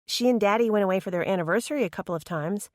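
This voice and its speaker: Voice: medium pitch, rapid-fire, no room sound, clean studio sound, pitched above the performer's own voice, lightly acted. A narrator voicing a teasing teenage girl in an audiobook.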